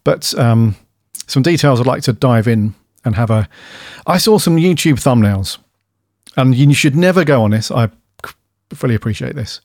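A man's voice: mid-range voice, expressive, normal speed, darkish tone, dry recording, studio quality. A man co-hosting a podcast, musing and hedging through long, rambling questions. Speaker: podcast co-host. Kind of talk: casual chat. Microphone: studio dynamic mic.

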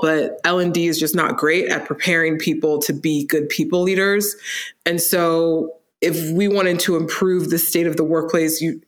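Woman, 30s, startup founder guest, candid and animated, acts out quoted lines with a laugh. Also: fairly low pitch. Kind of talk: candid storytelling interview.

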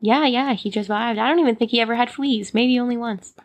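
A woman's voice: fairly high pitch, a little fast. A woman in casual chat, telling stories and acting out her own reactions. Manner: chatty storyteller, acts out her own reactions.

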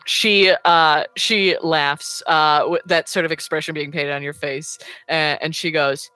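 A woman narrating a tabletop game as game master, chatty and quick, laughing often. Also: deep voice, steady tone, pushed and bright, clean tone, no room sound, low-quality recording.

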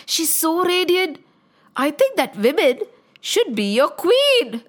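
A woman's voice: very high-pitched, big pitch swings, takes it slowly, voice pushed up, full character voice. A woman voicing scheming male demon henchmen in a storybook tale, in a sly, gossipy manner.

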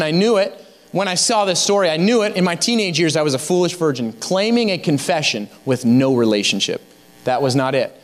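A young adult man, a guest pastor, preaching a fervent sermon that exhorts the congregation. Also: high-pitched.

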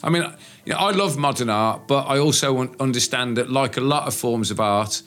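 Man, podcast co-host, casual chat, blunt, sweary, ranting, mid pitch. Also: fairly quick, a bit bright.

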